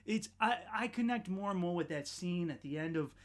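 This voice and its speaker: A man hosting a podcast, delivering a sardonic, profane comedic rant that rambles, restarts and swings between loud outbursts and muttered asides. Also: high voice, lively intonation, a little fast. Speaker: podcast host.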